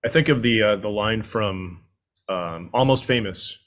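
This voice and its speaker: A man hosting a podcast interview and making calm, reflective remarks. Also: fairly low pitch, measured pace. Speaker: podcast host. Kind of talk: casual interview conversation.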